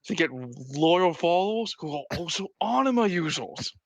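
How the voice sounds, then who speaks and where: A man voicing a coaxing male demon voice inside a character's head, pitching a deal like a salesman. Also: big pitch swings, moderate pace, dry recording. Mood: persuasive.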